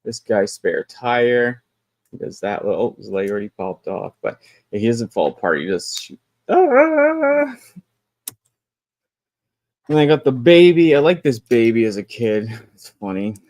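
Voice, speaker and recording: A man hosts a relaxed livestream, chatting about his toy collection. His talk is animated, with frequent laughs and casual swearing. His pitch swings widely, and the recording is dry and close. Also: fairly quick, no room sound. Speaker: livestream host. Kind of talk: casual stream chat about toys.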